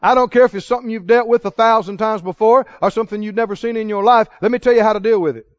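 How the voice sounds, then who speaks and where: A man's voice: high-pitched, very fast, no room sound, dull audio. A man preaching a sermon, asking the congregation questions and repeating answers for them to call back. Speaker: pastor.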